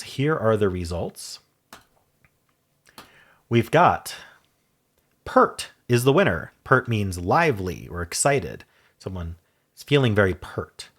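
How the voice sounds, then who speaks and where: A man casually explaining word-game statistics in a chatty, curious way, with ums and self-corrections. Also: lowish voice. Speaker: puzzle video creator. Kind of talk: casual explainer talk over screen.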